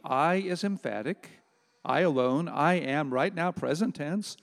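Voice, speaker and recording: Emphatic preacher in a reverberant hall. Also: male voice, a little high. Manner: emphatic, slows down to stress key words. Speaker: pastor. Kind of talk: sermon.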